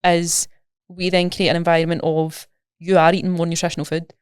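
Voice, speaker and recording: A woman's voice: fairly low pitch, little pitch movement, fairly quick, a little mellow, smooth, dry recording, clean studio sound. A woman with a Scottish accent, a coach talking casually and animatedly in a podcast interview, explaining with everyday examples. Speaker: nutrition coach, guest.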